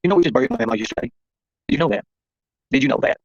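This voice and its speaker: A man rattles off a confrontational livestream monologue at a very fast clip. His voice sits at a middling pitch, and the sound is close and dry. The audio is dull and lo-fi. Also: no echo. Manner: confrontational, addresses viewers and chat by name. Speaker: livestream host.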